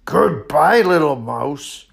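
An older man with a Scottish accent voicing a sly male fox in a high, sing-song voice. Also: animated, slow, creaky, full character voice. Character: sly male fox, smooth then scared.

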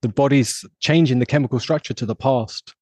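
An English podcast host with a mid-range, darkish voice speaks briskly in casual conversation. He thinks aloud reflectively, sprinkling in lots of "like" and "you know."

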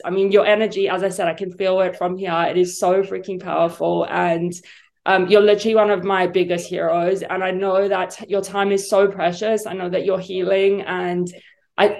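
A woman's voice: on the low side, creaky, darkish tone. A woman from South Africa hosting a podcast interview, gushing and effusive, teary-eyed, with many fillers. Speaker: podcast host.

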